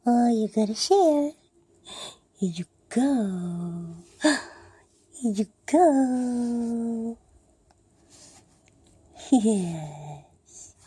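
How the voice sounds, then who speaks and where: Slow breathy woman cooing to her cats. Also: fairly high pitch, animated, mellow. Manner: cooing baby talk to her cats, often drops to a whisper. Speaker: cat owner filming her pets. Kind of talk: casual talk to pets. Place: at home.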